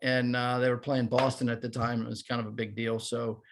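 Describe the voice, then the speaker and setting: A man in his fifties, a former baseball player, telling animated, self-deprecating stories as a podcast guest. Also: mid-range voice, brisk, creaky, slight background noise. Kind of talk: casual storytelling.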